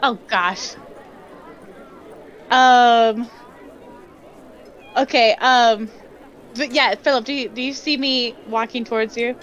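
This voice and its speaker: A woman's voice: on the high side, steady tone, slow, long pauses, a bit bright, dull audio, some chatter behind, slight background noise. A woman playing a tabletop role-playing game over a voice call, hesitant and giggly, with lots of fillers. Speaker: player. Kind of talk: casual tabletop game chat.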